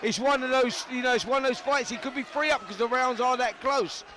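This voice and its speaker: A man's voice: very high voice, steady tone, quick pace, crowd noise. A man with a Cockney accent giving live boxing commentary in a chatty, bantering way.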